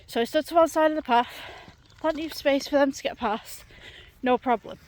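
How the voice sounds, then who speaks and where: A woman's voice: high-pitched, moderate pace, darkish tone, slight background noise. A British woman vlogging outdoors on a countryside path while walking her dog, telling an exasperated, chatty story with lots of fillers. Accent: British English. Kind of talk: ranting storytime vlog.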